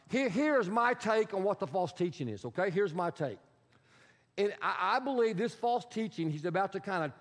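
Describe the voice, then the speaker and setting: Pastor, male, high voice, emphatic teaching sermon, long reverb of a church sanctuary. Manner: emphatic, repetitive teaching with audience prompts.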